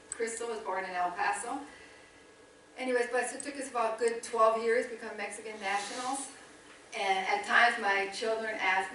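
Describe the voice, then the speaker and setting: A woman's voice: mid-range voice, a bit bright, slight background noise. A woman in her forties speaking at a church as a missionary, chatty and folksy, laughing often at her own asides. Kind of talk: church talk. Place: church sanctuary. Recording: echoey church from far off.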